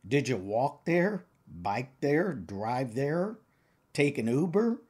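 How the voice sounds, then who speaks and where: Older male professor, husky, slow and deliberate, emphatic teaching delivery. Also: medium pitch, big pitch swings, darkish tone. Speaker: counseling exam prep author and professor. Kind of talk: lecture to exam takers.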